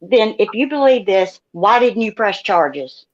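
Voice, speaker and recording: Woman, mid pitch, confrontational questioner, dull lo-fi sound. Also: big pitch swings, a little slow. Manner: pointed, challenging. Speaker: panel questioner.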